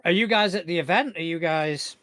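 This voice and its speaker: A man's voice: sits high, a little fast, pushed and bright, no echo. A man narrating as game master of a tabletop game, describing scenes in a rambling, easygoing way with many fillers.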